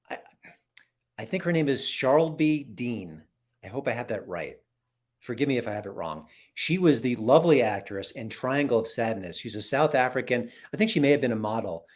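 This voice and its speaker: A man's voice: medium pitch, very animated, moderate pace, a little mellow. A man co-hosting a podcast in casual chat, giving wry, earnest commentary. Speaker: podcast co-host.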